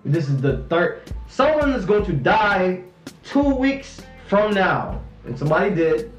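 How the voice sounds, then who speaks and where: A fairly high-voiced young man from North Carolina talks with intense, frustrated passion. His voice rings in a roomy space, with faint music underneath. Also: very animated, unhurried. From Raleigh, North Carolina. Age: 20s. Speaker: interviewee, student activist. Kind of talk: candid personal interview.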